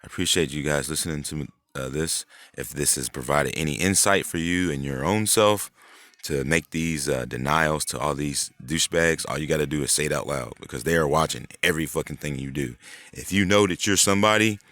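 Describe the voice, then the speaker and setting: A man's voice: very deep voice, fairly quick, a bit bright, no room sound. A man hosting his own vlog, talking in a loose, rambling monologue full of swearing, fillers and restarts. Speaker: channel host.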